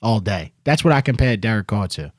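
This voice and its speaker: A man's voice: fairly low pitch, expressive, a little fast, dry recording, studio quality. A man hosting a call-in sports show, talking in a loose, rambling way with plenty of "um" and "dude.". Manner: laid-back, loose and rambling, lots of "um" and "dude". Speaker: host. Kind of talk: casual sports talk.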